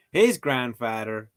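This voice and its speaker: Irish guy streaming a language app, a bit high, wildly lively, comic and mock-outraged. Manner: animated, joking, mock-outraged. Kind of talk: casual comedic commentary.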